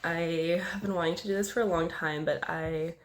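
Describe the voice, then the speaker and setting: A woman's voice: lowish voice, fairly even intonation, normal speed. A young woman vlogger with a cold, sounding nasal and congested, talking casually to camera and rambling self-consciously with lots of filler words. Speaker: beauty vlogger.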